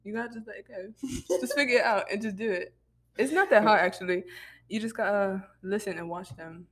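A woman with a middle-pitched voice chats casually on a podcast, in a relaxed tone full of slang. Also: fairly quick. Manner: easygoing, slangy. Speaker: podcast co-host.

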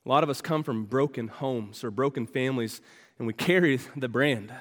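A man preaching a sermon as pastor, asking the congregation rhetorical questions and moving between loud emphasis and hushed passages. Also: medium pitch, moderate pace, big-room sound. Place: church sanctuary.

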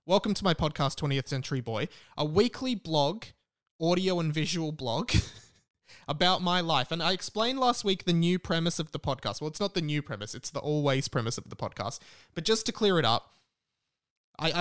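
A man's voice: fairly high pitch, expressive, fairly quick, a bit bright, clean tone. A man, hosting a solo podcast in a rambling, self-deprecating, chatty way. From Australia. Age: 20s. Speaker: podcast host.

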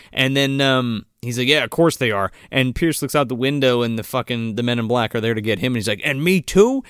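A man's voice: medium pitch, fairly bright tone, clean tone, dry recording, studio quality. A man co-hosting a casual podcast, recapping a movie in a rambling, profane way and laughing often. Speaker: podcast co-host. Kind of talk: casual chat recapping a film.

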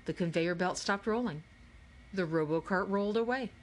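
A woman's voice: medium pitch, moderate pace. Woman narrating a children's audiobook. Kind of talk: scripted narration.

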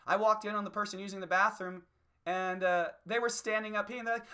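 A man's voice: high voice, steady tone, quick pace, pushed and bright, clean tone. A man doing a heated, profane stand-up rant as a comedian.

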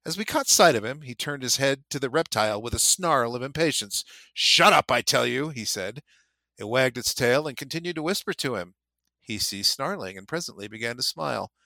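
A man co-hosting a podcast, reading a passage aloud and discussing it in an animated way. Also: mid-range voice, a little fast, gravelly, dry recording, clean studio sound. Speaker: podcast co-host.

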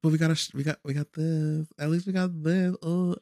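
A young man in casual chat, telling a lively story with lots of fillers and repeated words. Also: on the high side, fairly quick, no echo, clean studio sound.

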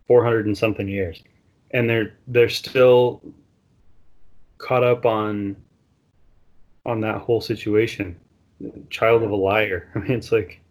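Chuckling man chatting about scripture. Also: lowish voice. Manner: chuckling, conversational, mock-dramatic quotes. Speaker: podcast co-host discussing scripture. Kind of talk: casual religious discussion.

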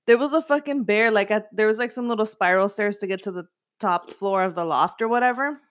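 A woman's voice: medium pitch, a little fast. Rambling young woman, casual chat. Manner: swears often, loose rambling talk with many fillers.

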